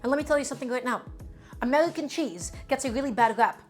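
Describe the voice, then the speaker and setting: A woman's voice: sits high, expressive, fast, faint music behind. A woman chatting casually through a live cooking stream, emphatic and talking to her viewers as friends.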